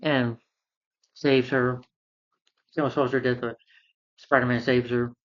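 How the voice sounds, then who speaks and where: A man talks through a film review in a loose, rambling way, walking through the plot scene by scene and slipping into quoted lines. His voice sits at an ordinary middle pitch. The recording is dull and lo-fi. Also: flat delivery, measured pace. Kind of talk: casual spoken film review.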